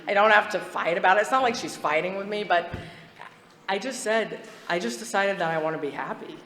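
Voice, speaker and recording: A woman's voice: medium pitch, a little fast, a bit bright. A woman giving personal testimony at a twelve-step meeting, talking in a candid, chatty way, laughing often and restarting her sentences. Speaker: recovery meeting speaker. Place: meeting hall. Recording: echoey hall, faint background noise.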